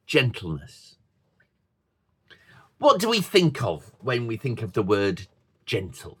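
A man preaching a sermon to a congregation with children, in a slow, thoughtful, conversational way with playful asides. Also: lowish voice, huge pitch swings, pushed and bright, breathy edge. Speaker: pastor.

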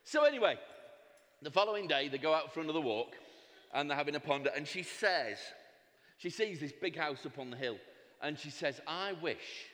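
A man telling a long comic joke at an event, animated and breaking off for asides to the audience. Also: a little high, brisk. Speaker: speaker at a fundraising event. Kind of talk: comic storytelling with slides. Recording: reverberant hall.

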